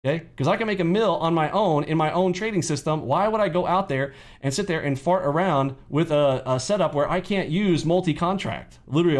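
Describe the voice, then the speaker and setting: A man hosting a casual livestream on trading, brash and mocking, rambling as he takes questions from callers. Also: fairly high pitch. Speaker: trading mentor and show host.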